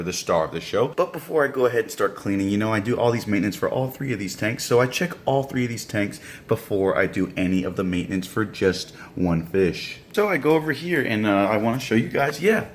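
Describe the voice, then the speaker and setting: A man's voice: lowish voice, lively intonation, a little fast, few pauses, slight background noise. A young man vlogging casually to camera in a home room full of aquarium tanks, chatty and jokey, often calling his viewers guys.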